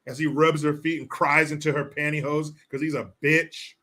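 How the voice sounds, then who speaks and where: A man's voice: fairly high pitch, little pitch movement, normal speed, pushed and bright. Crude, mocking male ranting host. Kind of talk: political commentary livestream.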